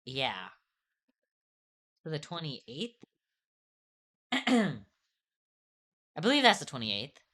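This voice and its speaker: Low-voiced young woman chatting on stream. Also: huge pitch swings, drawn-out words, long pauses, fairly bright tone. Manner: rambling, restarts sentences, laughs often. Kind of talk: casual chat on an art stream.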